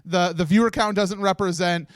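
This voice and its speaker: Guy with a high clear voice choking up in a thank-you speech on stream, keeps restarting and laughing, dry close sound. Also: steady tone, dry recording. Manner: halting, many restarts, laughs through tears. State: tearful. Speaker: marathon organizer giving closing speech. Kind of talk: emotional live speech. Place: stage set of a charity marathon livestream.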